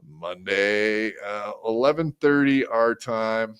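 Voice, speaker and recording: A man's voice: on the low side, takes it slowly, a bit bright, smooth, no echo, clean studio sound. A man hosting a podcast in casual chat, delivering profane, mocking rants. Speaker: podcast host.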